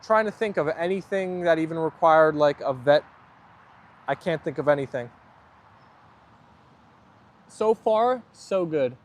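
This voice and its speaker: High-voiced chatty male stream host. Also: expressive, unhurried, long pauses. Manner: chatty, reads viewer comments aloud and answers them. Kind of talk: casual live stream chat.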